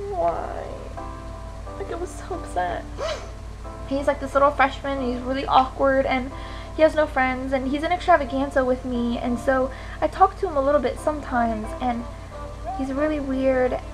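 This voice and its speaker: A woman's voice: high-pitched, fairly even intonation, moderate pace, over music, low-quality recording. A teenage girl venting to camera in a frustrated, swearing rant. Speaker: vlogger. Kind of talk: ranting to camera.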